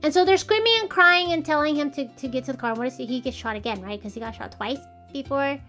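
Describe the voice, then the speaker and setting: A very high, bright woman co-hosting a casual movie podcast. She retells scenes in an animated, swearing rant, with soft music behind her. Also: fast. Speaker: podcast co-host. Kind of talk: casual chat.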